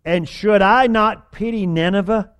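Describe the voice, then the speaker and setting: A man with a fairly high-pitched voice preaches in a folksy, humorous way. He mixes scripture reading with playful asides and exaggerated whining impressions. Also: measured pace, fairly bright tone, smooth. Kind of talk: sermon.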